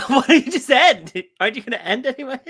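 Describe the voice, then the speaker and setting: A woman's voice: sits high, lively intonation, quick pace, a bit bright, husky. A young woman co-hosting a casual chat at home, teasing and laughing often.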